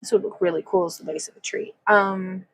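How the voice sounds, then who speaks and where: A woman's voice: medium pitch, fairly even intonation, a little fast, vocal fry, breathy edge, dry recording, rough recording. Chatty woman demoing wire craft. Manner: chatty, rambling, laughs often, reads chat comments aloud. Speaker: craft livestream host. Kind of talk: casual livestream wire-wrapping demonstration. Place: home craft room.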